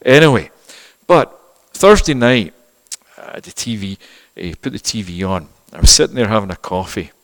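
A middle-aged male pastor giving a sermon, moving from quiet conversational asides to loud, fervent preaching. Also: fairly low pitch, sing-song, normal speed. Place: church. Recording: reverberant church hall.

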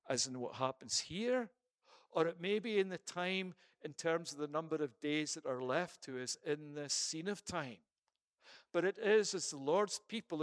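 A man preaching a sermon with fervent intensity, swinging from loud appeals to hushed reflection and stumbling now and then over verse numbers. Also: on the high side, no room sound, studio quality.

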